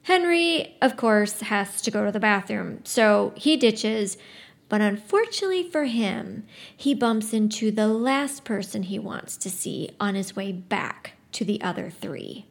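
A woman talks up a novel in a casual, chatty way, then slips into reading an excerpt aloud. Her voice sits in a middle pitch, and her delivery is lively. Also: unhurried, gravelly. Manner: conversational, lively storyteller's delivery. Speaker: book presenter. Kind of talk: book talk with a read-aloud excerpt.

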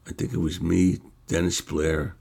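An older man with a New York accent telling stories about his comedy career in a casual, animated way, acting out the voices of people he quotes and laughing along. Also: low-pitched, measured pace, gravelly, breathy edge. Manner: animated storyteller, acts out quotes, laughs often. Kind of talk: casual storytelling monologue.

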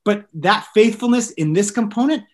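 A man in his thirties, a missionary guest on a podcast, telling stories in an earnest, animated way with light jokes. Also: sits high, moderate pace. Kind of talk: storytelling in a podcast interview.

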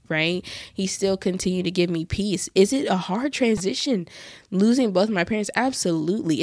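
A woman's voice: mid-range voice, no echo, studio quality. A young adult woman hosting a podcast, talking to listeners about faith in an earnest, heartfelt way, with restarts and asides. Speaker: podcast host. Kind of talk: casual faith talk to listeners.

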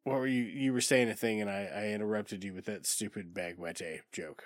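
A man hosting a podcast in a casual movie discussion, wry and quick to mock his own jokes. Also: lowish voice, fairly even intonation, no room sound, studio quality. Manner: wry, self-mocking jokes. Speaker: podcast host.

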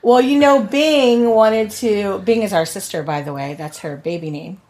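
A woman's voice: mid-range voice, normal speed, a little mellow. A young woman, a podcast guest, chatting casually and laughing often as she tells stories. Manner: laughing storyteller. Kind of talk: casual chat.

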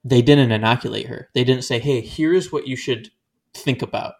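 A man with a gravelly, creaky voice at a middle pitch, talking about faith in a loose, animated way. He rambles and slips into quoted voices to make his points. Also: moderate pace. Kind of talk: casual faith discussion.

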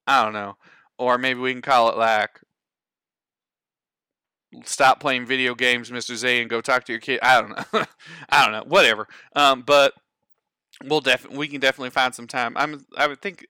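A man's voice: medium pitch, bright, forceful tone, clear, resonant tone, dry recording, clean studio sound. A band teacher, a man, talking in a put-on American Southern accent, chatty and rambling in a casual video lesson recorded at home at a table.

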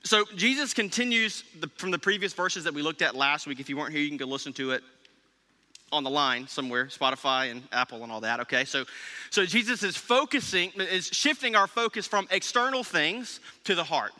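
A man's voice: fairly high pitch, brisk, sharp tone, big-room sound. A male pastor preaching a conversational sermon, often checking in with the congregation with "okay?" and "right?".

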